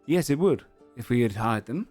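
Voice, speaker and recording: A man voicing a regal, composed lion-folk woman who works as a treasurer, speaking in a calm, measured and politely cutting way. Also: mid-range voice, soft background music, close to an everyday voice. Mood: cool.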